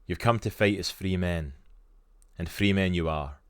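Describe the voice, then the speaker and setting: A Scottish rebel leader's rallying cry before battle, delivered loud and slow in a very deep, dry voice, as a man reads it out on a live stream. His Scottish accent rolls through each drawn-out line as he declaims to his countrymen. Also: smooth, no echo. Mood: rousing. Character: rousing medieval Scottish rebel leader speech.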